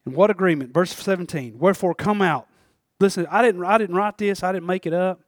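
A man preaching a folksy sermon, dropping to a hush and then building to shouts. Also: high voice, a little fast, dry recording, clean studio sound. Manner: swings from hushed to shouting, folksy. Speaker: pastor.

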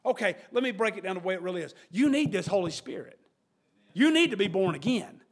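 Male pastor, very high voice, preaching with bursts of shouting and mocking quoted voices. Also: expressive, quick pace, husky. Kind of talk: sermon.

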